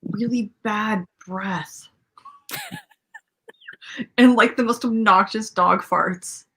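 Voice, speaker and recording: A young woman hosting a casual movie watchalong who swears freely, laughs often and reacts loudly to the film. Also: mid-range voice, drawn-out words, a little hiss or hum.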